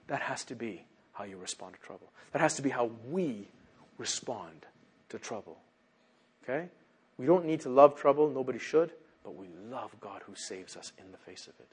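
A man preaching a sermon as pastor, swinging from loud emphatic bursts to hushed, low passages. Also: expressive, normal speed, husky.

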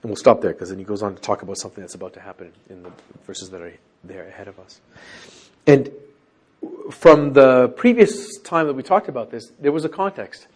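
A man leading a Bible study group, teaching and asking questions, animated as he acts out quoted lines. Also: mid-range voice, brisk, slightly rough.

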